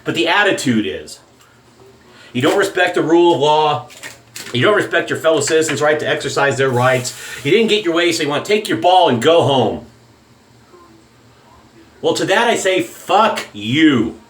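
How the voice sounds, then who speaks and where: A man with a drawl vents in a blunt, profane home-video rant. His voice sits a little high for a man. The sound bounces around a hard, echoey room. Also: sing-song, normal speed, pauses often, a bit bright, a little hiss or hum. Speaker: shaving vlogger. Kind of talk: angry political rant.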